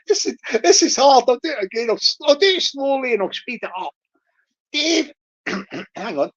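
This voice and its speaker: Jokey lady streamer chatting to viewers, high voice, dull lo-fi sound. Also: expressive, normal speed, fairly bright tone. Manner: jokey, repetitive, greets viewers by name, laughs often. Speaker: livestream host. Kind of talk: playful livestream chat.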